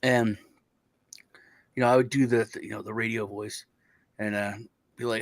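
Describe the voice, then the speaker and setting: A man's voice: on the low side, fairly even intonation, moderate pace, gravelly, long pauses, no room sound. A man hosting a casual crypto chat show, rambling through stories with lots of fillers and restarts.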